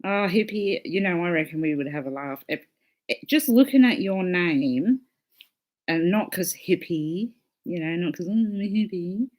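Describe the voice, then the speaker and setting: A woman's voice: on the low side, lively intonation, normal speed, a little mellow. A woman hosting a casual livestream, chatting with viewers in a loose, swearing, laughing way. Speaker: livestream host.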